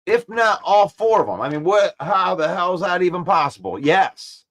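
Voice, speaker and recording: High-voiced, excitable sports-talk man. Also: normal speed. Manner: excitable, trash-talking, repeats himself. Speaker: sports show host.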